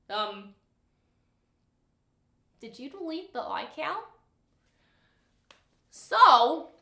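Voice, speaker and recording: Woman putting on a New York accent, impulsive jilted young woman, bright piercing tone, swinging wildly in pitch. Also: exaggerated voice. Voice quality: animated, exasperated delivery. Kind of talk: comedic monologue performance. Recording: echoey room.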